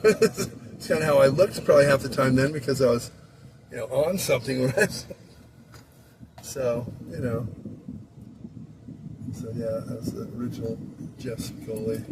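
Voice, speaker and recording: A man in his sixties from Southern California tells a loose, rambling story about his school days, chuckling often. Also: mid-range voice. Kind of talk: casual rambling anecdote. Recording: clear traffic noise behind.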